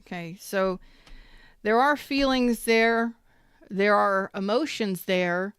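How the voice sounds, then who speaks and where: Woman, tarot reader, smooth clear voice, dry close sound, emphatic and repetitive. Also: medium pitch, slow, fairly bright tone, dry recording. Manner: repetitive and emphatic, swears when worked up. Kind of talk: casual tarot reading.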